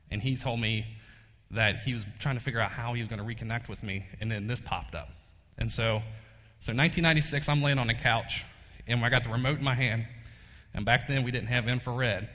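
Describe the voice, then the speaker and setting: Folksy preacher in a reverberant hall. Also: male voice, medium pitch, bright, forceful tone. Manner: folksy, storytelling, laughs often. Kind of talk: casual sermon with personal story.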